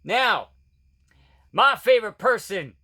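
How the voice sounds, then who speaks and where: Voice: mid-range voice, expressive, slow pace, very noisy. A vlog host reacting to clips in a casual, mocking way, often laughing.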